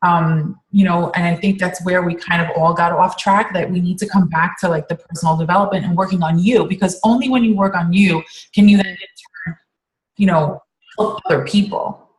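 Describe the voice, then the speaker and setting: A woman's voice: on the low side, steady tone, moderate pace, reverberant, poor audio. A woman coach on a team call, talking casually and rambling with many fillers and restarts.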